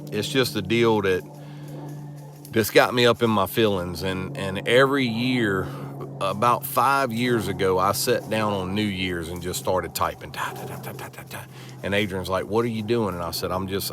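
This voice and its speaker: Deep-voiced man, rambling talk. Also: noisy background. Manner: rambling, heartfelt, repeats himself. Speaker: family vlog host. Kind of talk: casual vlog talk.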